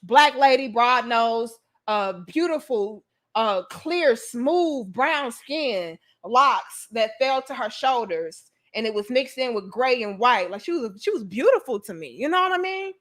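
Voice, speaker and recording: A young adult woman tells a story to her viewers in a casual, animated, chatty way, swearing freely and calling them y'all. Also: on the high side, measured pace. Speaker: vlogger.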